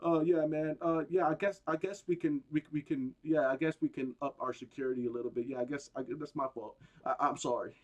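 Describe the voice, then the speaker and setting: A man's voice: fairly high pitch, steady tone, a little fast, few pauses, darkish tone, lo-fi sound, close to an everyday voice. A man putting on a stammering, laid-back male tech billionaire who dodges questions. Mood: sheepish. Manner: mumbling, stammering, surfer-casual.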